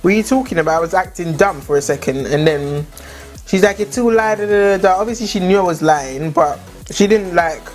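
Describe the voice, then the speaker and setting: A woman's voice: fairly low pitch, a little fast, a little mellow, soft background music. A young woman telling a story in a chatty way, many "like" fillers. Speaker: vlogger. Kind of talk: casual storytime chat.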